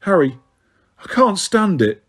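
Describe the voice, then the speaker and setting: Lovesick teen wizard , man reading him, raised and lively, husky edge. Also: high-pitched, measured pace, pitched above the performer's own voice, full character voice. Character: lovestruck teenage boy wizard, moody and desperate.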